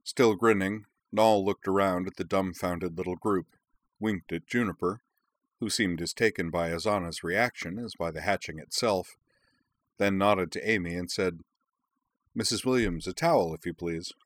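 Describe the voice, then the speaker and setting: A man narrating an audiobook in a measured, even reading. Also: sits low, dry recording.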